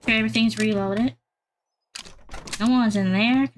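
A woman giving casual gameplay commentary, chatting to her viewers and getting excitable during fights. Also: fairly high pitch, a little slow, a little hiss or hum. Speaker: gaming YouTuber.

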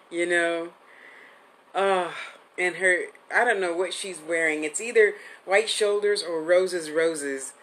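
A woman's voice: lowish voice, a bit bright, a little hiss or hum, poor audio. A woman in her fifties giving a live-streamed psychic reading, chatty and affectionate, rambling with restarts. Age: 50s. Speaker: psychic medium host.

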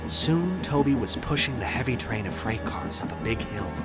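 Lively, expressive male storybook narrator. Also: mid-range voice, moderate pace, over loud music.

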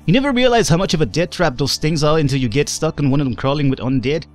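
A man voicing a talkative male sea survivor with a loose, improvised accent, a little higher than his own voice. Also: expressive, fast talker, soft background music, natural voice. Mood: folksy.

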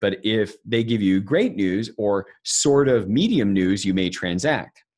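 Deep-voiced guy giving a talk, chatty and jokey, talks right at the crowd. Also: expressive, unhurried, darkish tone. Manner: conversational and joking, addressing the audience directly. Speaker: financial speaker presenting to an audience. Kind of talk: live seminar talk.

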